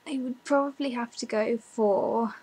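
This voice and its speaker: Young girl vlogging, rambly and self-deprecating, kinda high voice. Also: steady tone, a little slow, a little mellow, husky, rough recording. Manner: chatty, self-deprecating, many ums and likes. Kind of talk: casual chat answering viewer questions.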